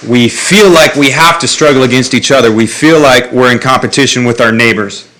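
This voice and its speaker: Reflective man thinking out loud. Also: mid-range voice. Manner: reflective, halting with restarts. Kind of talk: casual discussion.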